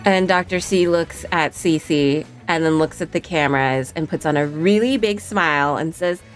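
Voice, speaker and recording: A woman's voice: low voice, normal speed, soft background music. A woman playing a comedy tabletop game, narrating her character's actions playfully. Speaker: player.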